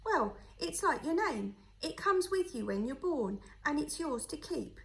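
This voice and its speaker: A rough but kindly boatman with a strange accent muses out loud to a small boy, as a woman reading the story puts him on. He speaks warmly and slowly, working his thoughts out as he goes, in a fairly high voice. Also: sing-song, heavily acted. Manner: friendly, slow, musing.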